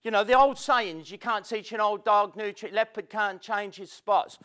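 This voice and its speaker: A man's voice: sits high, normal speed, pushed and bright, smooth. A man giving a chatty, self-mocking motivational talk to a live audience, with spontaneous storytelling. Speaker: motivational speaker. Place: seminar room with audience. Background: audience laughter.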